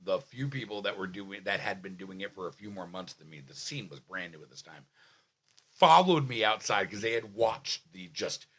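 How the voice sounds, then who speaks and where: A young man, a comedian, telling a story in a casual chat. He is loud, profane and excitable, and acts out other people's voices. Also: sits low, moderate pace, husky. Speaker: comedian guest.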